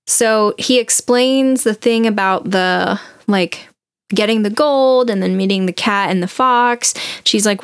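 A woman in casual chat, retelling a story with lively voices for each character. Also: medium pitch, normal speed, clean tone, dry recording.

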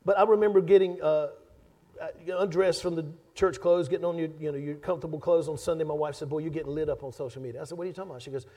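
Pastor guy preaching in church, kinda high husky voice, gets loud then soft, jokes with the crowd. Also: fairly even intonation, fast talker. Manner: emphatic preaching, swings loud and soft, chuckles with congregation. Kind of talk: sermon. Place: church sanctuary.

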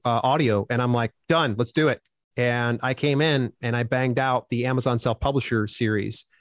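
A man answering interview questions as a self-publishing expert, upbeat and animated, acting out quotes as he tells stories. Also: mid-range voice, no echo, clean studio sound.

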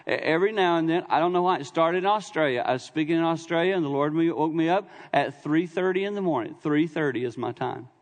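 Man preaching in an echoing church. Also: a little high. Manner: conversational, storytelling with humor and bursts of emphasis. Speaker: visiting preacher. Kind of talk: sermon. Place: church sanctuary. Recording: long hall reverb in a church.

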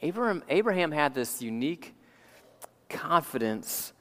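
A man's voice: on the high side, big pitch swings, unhurried, pushed and bright. A male pastor preaching a sermon in a church, earnest and emphatic, repeating key phrases for weight. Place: church sanctuary. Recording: long church hall reverb.

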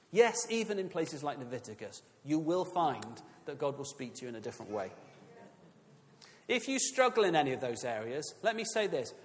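Male preacher, sermon, conversational and emphatic, fairly high voice, long hall reverb.

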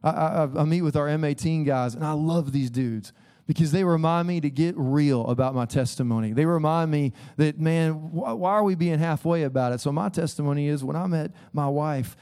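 A man's voice: on the high side, moderate pace, dark tone, clean tone. Earnest man preaching a conversational sermon. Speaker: pastor. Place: church sanctuary.

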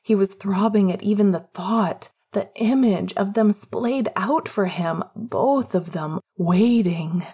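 A woman narrating a romance audiobook in a hushed, often half-whispered delivery. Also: medium pitch, takes it slowly, hardly any pauses, husky.

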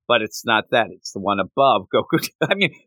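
Bright-voiced animated man. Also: fairly low pitch, fairly quick, no room sound. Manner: animated, acts out quoted characters in passing. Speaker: podcast co-host. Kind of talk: casual podcast discussion.

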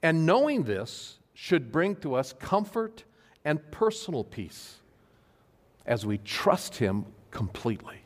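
A male pastor giving an earnest sermon to his congregation, stressing key phrases slowly. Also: on the high side, very animated. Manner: earnest, emphatic preaching with slow stressed phrases. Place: church sanctuary. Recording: long hall reverb.

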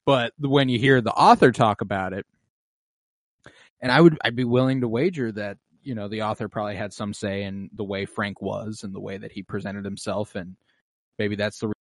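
A man's voice: lowish voice, dry recording. A young man co-hosting a casual film podcast, rambling with many fillers and acting out quotes. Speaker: podcast co-host.

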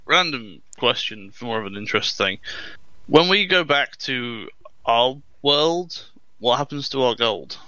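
Very bright-toned teasing man. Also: mid-range voice, lively intonation, a little slow, dry recording, lo-fi sound. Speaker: player. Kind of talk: casual tabletop role-play.

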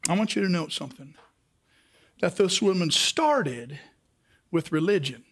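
A male pastor preaching a sermon, swinging between impassioned shouts and quiet asides. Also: sits high, expressive, measured pace, slightly rough.

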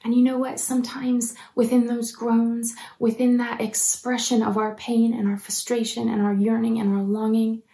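A woman delivers a sermon with an earnest, encouraging warmth. Her voice sits a little high but sounds mellow, and she often softens to a near-whisper for emphasis. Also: little pitch movement, moderate pace, vocal fry, few pauses. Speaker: preacher.

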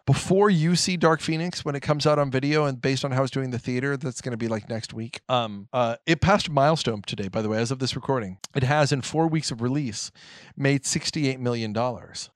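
A man on a podcast, ranting in casual chat, animated and swearing often with lots of restarts. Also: mid-range voice, dry recording, studio quality. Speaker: podcast co-host.

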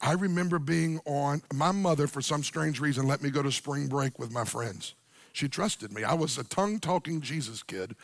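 A middle-aged man, preaching a sermon to a church congregation, animated, swinging from quiet storytelling up to near-shouted, sung-out lines. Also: a little high, moderate pace, creaky. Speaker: pastor.

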